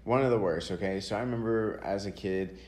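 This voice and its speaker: A young man from Texas hosts a casual podcast, his voice sitting fairly low. He tells stories in an animated, profane way. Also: brisk. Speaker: podcast host.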